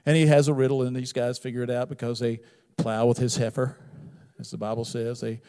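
A man preaching a sermon, retelling a Bible story with wry humor and big swings between loud emphasis and quiet asides. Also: medium pitch, level tone, brisk, smooth. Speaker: pastor.

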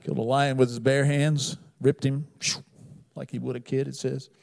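A man preaching a sermon, retelling a Bible story with wry humor and big swings between loud emphasis and quiet asides. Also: medium pitch, level tone, normal speed, creaky. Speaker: pastor.

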